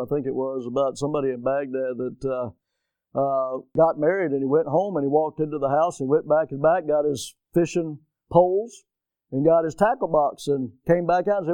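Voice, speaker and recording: Animated high-voiced male preacher. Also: no echo. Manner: emphatic, drawn-out stresses on key words. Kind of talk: sermon.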